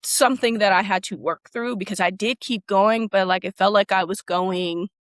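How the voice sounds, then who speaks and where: A woman's voice: medium pitch, fairly even intonation, normal speed, dry recording. Candid, emphatic woman telling her story. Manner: emphatic and candid, with casual swearing and frequent "like". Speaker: podcast guest, former teacher and coach. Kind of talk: candid conversational interview.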